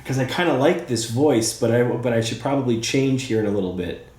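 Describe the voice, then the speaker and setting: A man's voice: medium pitch, animated, fairly quick, darkish tone. Eager male psychic medium, echoey room. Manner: eager, thinks aloud, many fillers. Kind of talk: spirit session, talking to a spirit.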